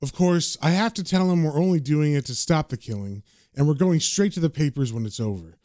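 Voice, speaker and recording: A man voicing a cynical, sardonic British occult investigator from a comic, read aloud in a lowered casual voice. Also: a little fast, darkish tone, dry recording, clean studio sound, lightly acted.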